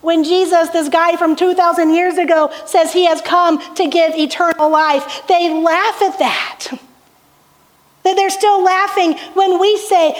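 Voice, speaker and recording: A woman pastor preaching a sermon, telling the story with rhetorical questions and soft laughs. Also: extremely high pitch, slow pace. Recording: echoey hall reverb.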